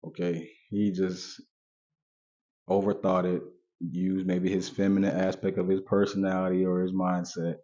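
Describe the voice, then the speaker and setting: A man's voice: deep voice, completely flat delivery, a little slow, warm tone. Male vlogger, casual direct-to-viewer commentary, dull lo-fi recording. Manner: conversational, repeats points, talks straight to viewers.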